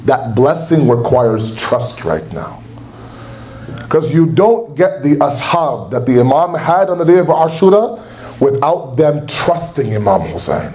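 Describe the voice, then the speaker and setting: A man's voice: mid-range voice, dark tone, slight background noise. A young man preaching a sermon at a religious center, impassioned, acting out quotes in a raised voice. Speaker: speaker at a religious gathering. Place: lecture hall at a religious center.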